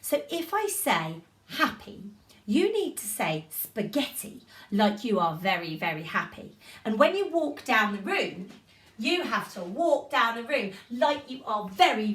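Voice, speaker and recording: A woman teaching a drama session to young children, giving animated, coaxing instructions and encouragement. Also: fairly high pitch, a little slow, far from the mic. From United Kingdom.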